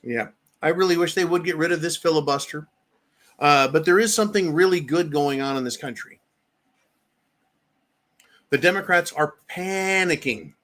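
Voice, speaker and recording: A man's voice: a little high, moderate pace, pauses often, fairly bright tone. A middle-aged man hosting a political commentary show, ranting angrily with profanity and sarcastic mock quotes.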